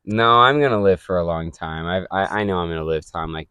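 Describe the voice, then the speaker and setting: Young man, lowish voice, casual podcast chat, swears a lot, animated storytelling, dry close sound. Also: fast, clear, resonant tone, no echo. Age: young adult. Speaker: podcast co-host.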